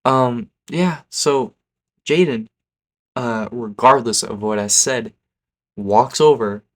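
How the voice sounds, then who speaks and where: A man's voice: medium pitch, takes it slowly. Casual rambling guy narrating a storytime vlog. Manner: rambling, keeps adding "okay?" and "like". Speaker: YouTuber.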